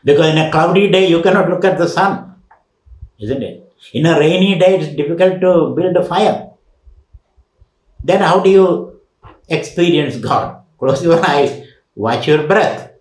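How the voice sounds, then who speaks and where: Swami guy lecturing on scripture, bit high voice, echoey room, lots of rhetorical questions. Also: unhurried, long pauses. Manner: emphatic teaching with rhetorical questions and recited Sanskrit verses. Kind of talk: spiritual lecture.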